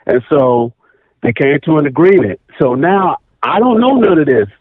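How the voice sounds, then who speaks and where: A man calling in to a radio talk show, telling a personal story in a casual, animated way and repeating phrases for emphasis. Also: a little high, normal speed, no echo. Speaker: caller. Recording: tinny phone line.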